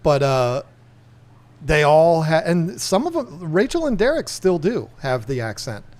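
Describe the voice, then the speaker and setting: A man in his fifties co-hosts a relaxed podcast. He rambles happily from one thought to the next with eager energy. His voice sits a touch higher than most men's. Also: measured pace. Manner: rambling, enthusiastic. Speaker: podcast co-host. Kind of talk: casual chat.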